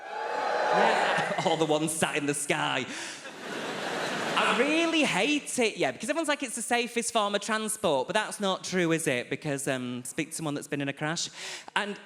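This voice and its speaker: A man's voice: sits high, big pitch swings, moderate pace. A man performing a stand-up comedy set, chatty and confiding, teasing audience members by name. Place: large theatre stage. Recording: echoey theatre, faint audience noise.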